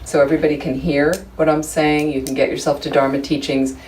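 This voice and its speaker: Woman dharma teacher, low voice, informal and joking, picked up from across the room, faint hiss. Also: little pitch movement, quick pace, a little mellow. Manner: chatty, humorous, conversational with frequent asides. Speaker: Buddhist study group teacher. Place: room with a small group of listeners. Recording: distant room recording, faint background noise.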